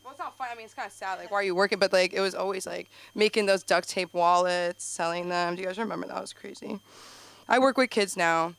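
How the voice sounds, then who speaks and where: A young woman from Los Angeles does a rambling, self-deprecating stand-up set at an open mic, leaning heavily on "like," laughing at her own jokes and letting out sudden loud yelps. Her mid-range voice moves fast, with vocal fry.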